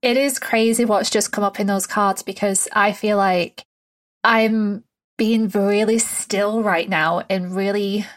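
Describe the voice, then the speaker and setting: Woman podcast host, mid-pitched, reflective, thoughtful, unhurried. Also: steady tone. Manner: thoughtful, musing, slow in places. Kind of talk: reflective conversation.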